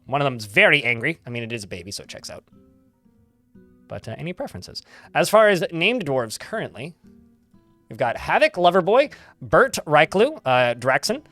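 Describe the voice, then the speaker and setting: A man's voice: fairly high pitch, huge pitch swings, a little fast, a bit bright, soft background music. A man casually chatting to his live-stream chat while playing a game, rambling and laughing easily.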